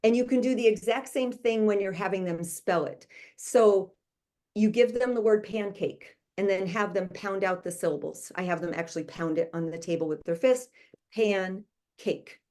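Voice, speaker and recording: A woman's voice: mid-range voice, fairly even intonation, moderate pace, a little mellow. Patient woman explaining spelling steps. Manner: patient, explains step by step with fillers. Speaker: literacy tutor. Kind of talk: instructional explanation.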